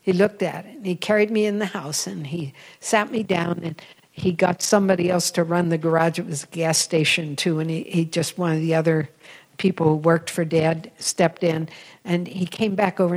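A woman's voice: fairly low pitch, steady tone, normal speed, darkish tone, rough recording. A woman giving a spiritual talk in an earnest, intimate storytelling manner, now and then dropping to a whisper for emphasis. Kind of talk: sermon-style personal storytelling.

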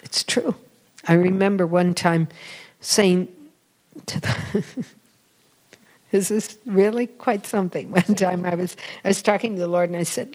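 A woman who hosts a religious radio program delivers a slow, unhurried testimony. She tells her story in a confiding way and often lowers her voice to a hushed whisper on the key words. Her tone stays humble, with light self-mocking laughter. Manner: storytelling, confiding, drops to soft whispers for emphasis; self-deprecating, laughs at herself. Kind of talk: sermon-style testimony.

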